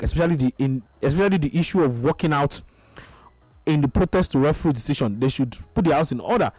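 A man's voice: a little high, a little mellow, dry recording, rough recording. A man hosting a sports phone-in radio show, repeating phrases for emphasis.

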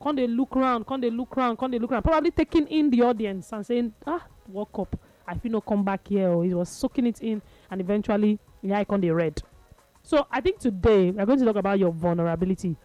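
A woman with a Nigerian accent hosting a radio chat show, telling stories in a lively, playful way. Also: mid-range voice, quick pace, no room sound, faint music behind. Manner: lively, laughing, playful storytelling. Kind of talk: casual chat in Nigerian Pidgin and English.

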